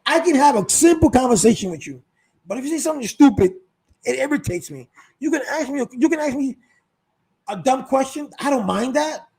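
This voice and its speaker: A man's voice: extremely high pitch, lively intonation, brisk, vocal fry, a little mellow, husky. A man ranting casually in a vlog, sarcastic, mocking other people's views with raised voices. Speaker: vlogger. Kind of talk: casual opinion rant. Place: North Carolina.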